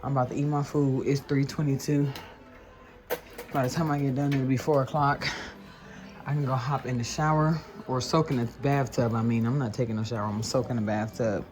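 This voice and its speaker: A woman vlogging casually from her home, retelling her day in an animated, gossipy way. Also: extremely low pitch, a little fast, music in the background. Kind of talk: casual chatty storytelling. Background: smooth jazz and background voices.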